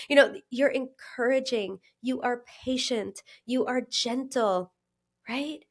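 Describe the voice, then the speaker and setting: A woman's voice: on the high side, slow. A woman in her thirties, a health coach, talking alone in an earnest, chatty way, laughing often and acting out inner voices. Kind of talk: solo podcast monologue.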